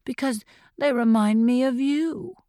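A woman reader voicing a seductive murderous woman who speaks in a slow, sweet, breathy purr. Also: low voice, animated, dark tone, no echo, studio quality, pitched below the performer's own voice, exaggerated voice.

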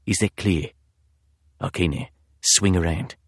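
A narrator puts on a cold, husky thug with a British-sounding accent, hushed and low. The voice sits deep and threatening, clipped and close to the mic. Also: male voice, a little slow, dry recording, heavily acted. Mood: menacing. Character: menacing big male intruder, cold.

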